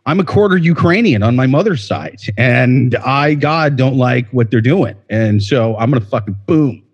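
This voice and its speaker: A man's voice: mid-range voice, animated, moderate pace, muffled recording, pitched below the performer's own voice. A man voicing God as a laid-back, slangy male figure. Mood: offhand. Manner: slangy, offhand.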